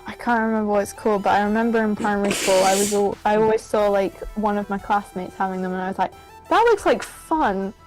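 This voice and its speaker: A woman's voice: medium pitch, little pitch movement, fast talker, hardly any pauses, a little mellow, soft background music, rough recording. A woman from Britain co-hosting a stream, chatting casually. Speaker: co-host. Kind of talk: casual chat.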